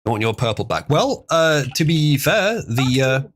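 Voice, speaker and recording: A man's voice: medium pitch, sing-song, normal speed. A man hosting a casual livestream, chatting loosely with chuckles as he reads out viewer donations. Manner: rambling, chuckling, reading out donations. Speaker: livestream host.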